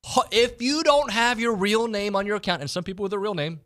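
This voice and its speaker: A man hosting a sports talk radio show, moving from sober news to lively, ranting banter with his co-host. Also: high-pitched, fairly quick, no room sound, clean studio sound. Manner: animated, builds from somber to excited ranting. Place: radio studio. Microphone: studio mic.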